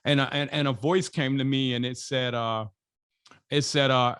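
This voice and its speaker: A man's voice: medium pitch, fairly even intonation, normal speed, a bit bright, clear, resonant tone. An American man, a podcast guest and investor, telling stories in a colloquial, emphatic way that repeats phrases for emphasis. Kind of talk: storytelling in an interview.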